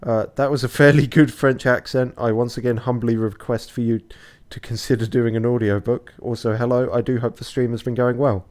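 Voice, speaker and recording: A man's voice: medium pitch, fairly even intonation, a little fast, hardly any pauses, darkish tone. A tired young man streaming a video game late at night, talking casually to his audience. He speaks in a loose, chatty way and swears offhandedly as he plays. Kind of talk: casual commentary.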